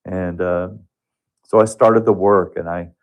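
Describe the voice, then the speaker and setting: A man telling a personal story as a guest on a radio talk show, earnest and halting, often restarting his sentences. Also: low voice, steady tone, phone-quality sound. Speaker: radio guest, hospice touch therapist.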